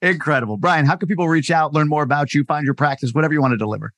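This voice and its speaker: A man hosting a podcast, upbeat and energetic, wrapping up the episode. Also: fairly high pitch, very fast, no echo. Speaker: podcast host.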